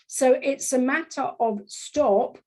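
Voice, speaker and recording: Animated, fairly high-voiced woman coach. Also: takes it slowly. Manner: animated, acts out quotes in voices; frequent restarts and filler phrases. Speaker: parenting and teen coach. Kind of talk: casual interview chat.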